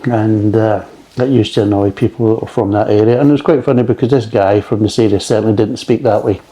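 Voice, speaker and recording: A man with a low, mellow voice reviewing a beer in a loose, rambling chat. He swears freely and wanders off into tangents before coming back to the tasting. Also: steady tone, fast talker. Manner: rambling, profane, digressive.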